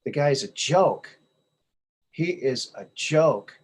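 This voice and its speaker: A man's voice: on the high side, expressive, slow, breathy edge. A male podcast host giving casual commentary on memes, sarcastic and scoffing, often repeating his phrases.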